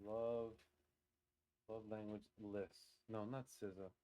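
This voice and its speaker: A man's voice: lowish voice, slow pace. A young man co-hosting a podcast in casual chat, telling stories and acting out the quotes. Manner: animated storyteller, acts out quotes. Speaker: podcast co-host.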